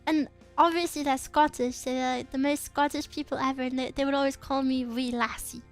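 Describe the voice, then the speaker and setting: A young woman with a high voice chats loosely on her stream, drifting from one thought to the next and laughing as she goes. Quiet background music plays faintly under her. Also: level tone, fairly quick. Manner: chatty, rambling, giggly. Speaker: VTuber streamer. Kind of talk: casual chat stream.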